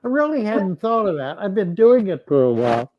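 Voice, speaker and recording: A man hosting a casual livestream chat with viewers, thinking aloud in a halting way with frequent restarts. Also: sits high, sing-song, highs cut off, slight background noise. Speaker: host answering viewers.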